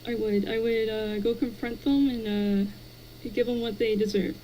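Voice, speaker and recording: A woman streamer chatting as a guest with dry, deadpan humor. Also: on the high side, unhurried, low-quality recording. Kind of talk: casual chat.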